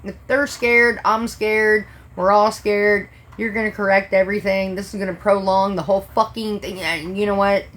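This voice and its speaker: A woman's voice: medium pitch, fairly even intonation, moderate pace, hardly any pauses, a bit bright. A woman who works as a restaurant server, ranting casually on a livestream and swearing freely in an exasperated way.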